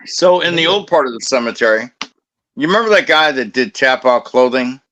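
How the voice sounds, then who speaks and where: A man's voice: medium pitch, lively intonation, brisk, fairly bright tone, dull audio. Profane, blunt man telling stories. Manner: profane, blunt, rambling anecdotes. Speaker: former cemetery security guard. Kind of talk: casual storytelling chat.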